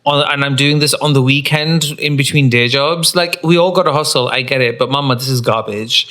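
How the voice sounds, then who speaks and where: A man's voice: medium pitch, a little fast. A man co-hosting a podcast, ranting sarcastically in casual chat. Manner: sarcastic, mocking, animated. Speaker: podcast co-host.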